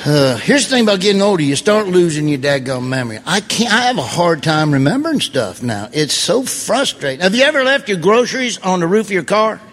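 A man's voice: high-pitched, big pitch swings, fairly quick, few pauses, fairly bright tone, slight background noise. A man doing stand-up comedy, with folksy, grumbling, self-mocking delivery. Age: 50s.

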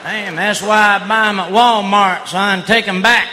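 A man doing loud redneck stand-up comedy, laughing at his own jokes. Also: high-pitched, fairly even intonation, normal speed. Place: live comedy stage before an audience. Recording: live show with crowd noise.

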